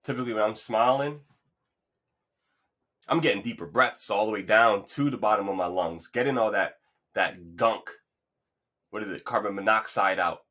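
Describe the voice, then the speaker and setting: A man's voice: lowish voice, fairly bright tone, husky. A man hosting his own podcast, talking in a loose, rambling, motivational way. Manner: playful, hypes up an imagined crowd. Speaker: podcast host. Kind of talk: casual solo monologue.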